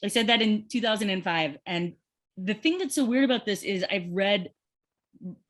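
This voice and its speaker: A woman's voice: medium pitch, lively intonation, moderate pace, a bit bright. A woman author in casual, effusive conversation at a bookstore event, asking about the writing process. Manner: effusive, chatty.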